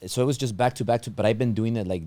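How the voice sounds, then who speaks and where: A man's voice: medium pitch, very fast, warm tone, dry recording. A man hosting a casual interview, talking with a tired, strained voice he says is going, rambling with many restarts. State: losing his voice, strained throat. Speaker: podcast host.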